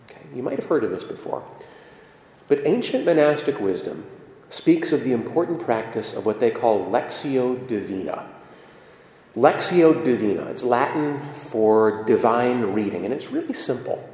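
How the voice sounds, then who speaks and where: A man delivering a sermon with an expressive voice that swings widely in pitch. He keeps turning to his listeners with questions. The sound is roomy, with a long echo from a large hall or church. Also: moderate pace. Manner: animated, asks the listeners questions. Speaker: preacher. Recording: echoey hall reverb.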